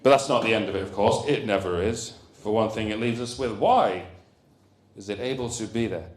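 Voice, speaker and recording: A man giving a comic lecture at a conference, animated and jokey with rambling asides. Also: lowish voice, a little fast. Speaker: comedian giving a conference talk. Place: conference hall. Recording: roomy hall echo.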